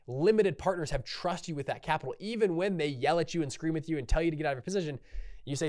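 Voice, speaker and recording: Rambling male podcast host, slightly high voice. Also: fast, darkish tone. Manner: rambling, digressive, many restarts and fillers. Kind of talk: casual solo podcast talk.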